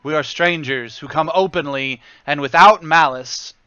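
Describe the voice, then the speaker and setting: A grave, ritual-minded woman mystic , voiced by a man, intones each phrase slowly. The tone is bright, the sound is dry, and it comes through a dull, lo-fi mic. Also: fairly high pitch, clear, resonant tone, no echo, soft background music. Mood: solemn. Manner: slow, measured, ceremonial. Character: solemn woman mystic leading a seance.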